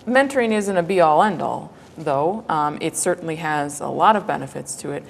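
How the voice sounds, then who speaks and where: A woman on a panel speaks in a measured way with some fillers. Her voice is low and gravelly. It carries a long hall reverb. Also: expressive, a little hiss or hum. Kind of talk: panel discussion.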